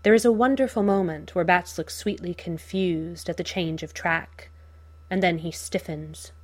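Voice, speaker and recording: A woman narrating a fan fiction audiobook in a measured, unhurried storytelling manner. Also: fairly low pitch.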